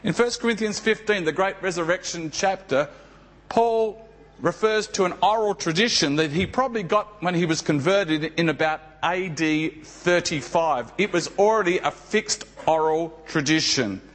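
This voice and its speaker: A man's voice: sits high, normal speed, fairly bright tone. A man preaching a sermon who tells a story and often asks his listeners rhetorical questions. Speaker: pastor.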